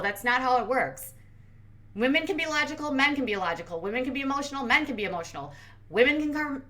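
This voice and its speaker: A woman's voice: a little high, a bit bright. Sarcastic woman recapping reality TV. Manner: sarcastic, blunt, heavy use of "like". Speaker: commentary channel host. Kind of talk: casual reality-TV recap commentary.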